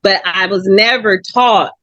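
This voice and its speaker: A woman's voice: medium pitch, measured pace, no echo, lo-fi sound. A woman from Long Beach telling her own story as an interview guest, candid, acting out what others said. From Long Beach, California. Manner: animated, acts out quoted voices.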